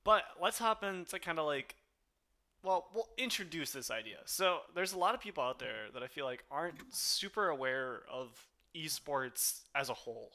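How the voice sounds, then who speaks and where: Bright-voiced chatty young podcast host. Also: male voice, a little high, lively intonation, moderate pace. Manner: chatty, laughs often, many fillers. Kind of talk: casual podcast chat.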